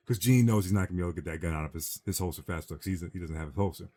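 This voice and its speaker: A man on a casual gaming chat show, rambling through a film plot and acting out the quotes in a low voice. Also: fast talker, hardly any pauses, darkish tone. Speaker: podcast co-host.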